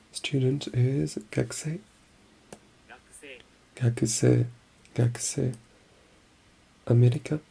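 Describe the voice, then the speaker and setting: An ASMR creator talking in a soft-spoken ASMR ramble, murmuring and often slipping into a whisper, slowly repeating practice words to themselves. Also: mid-range voice, flat delivery, creaky, slight background noise.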